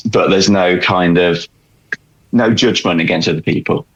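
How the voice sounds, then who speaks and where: A man with a low, creaky voice speaks at normal speed as a podcast guest, sharing his story in a candid, rambling chat. He restarts often, uses many fillers, and chuckles while recounting. The recording is muffled.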